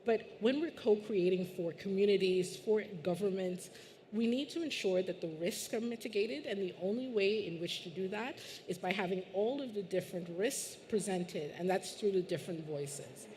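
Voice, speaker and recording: A woman's voice: mid-range voice, moderate pace, a little mellow, a little hiss or hum. A woman from Guyana speaking on a conference panel in an earnest, conversational way, with the odd restart. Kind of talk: panel discussion. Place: conference stage.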